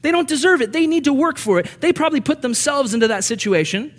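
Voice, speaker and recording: A man's voice: very high voice, lively intonation, fast, pitched above the performer's own voice. A man voicing a scornful adult who dismisses helping others. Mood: scoffing. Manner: scoffing, dismissive. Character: scornful adult objecting to charity.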